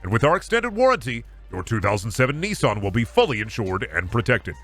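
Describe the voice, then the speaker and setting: A man putting on a smooth, slick car-warranty telemarketer with a sales patter. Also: medium pitch, huge pitch swings, a little fast, a bit bright, soft background music.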